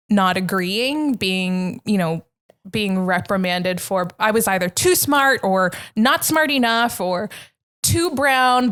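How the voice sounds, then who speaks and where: A woman talks candidly as a podcast guest, earnest and reflective, often restarting her sentences. Her voice sits at an ordinary middle pitch, and she unfolds personal memories in a steady, conversational flow. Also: clean tone. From Canada.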